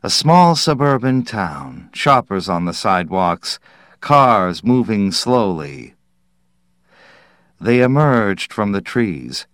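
Male audiobook narrator, low voice, deliberate pacing. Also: big pitch swings, a bit bright, dry recording, clean studio sound. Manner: measured, deliberate reading.

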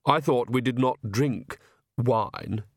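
A man voicing a hesitant, uneasy young vampire son, in a lower voice, in an audiobook. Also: slow pace, no echo, clean studio sound. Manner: uneasy, doubtful.

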